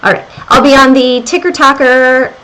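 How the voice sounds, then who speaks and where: A middle-aged woman hosts a relaxed market livestream about stocks and crypto from home while renovation work goes on, chatting with her viewers. Her voice is high-pitched and her speed normal, with a slight Southern American accent, and the audio is poor. She reads comments aloud and thinks things through out loud.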